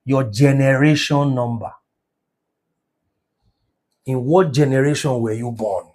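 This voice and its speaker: A man with a medium-pitched voice and a slow delivery teaches numerology. His emphatic, preacher-like motivational lecture builds until his voice rises to near shouts.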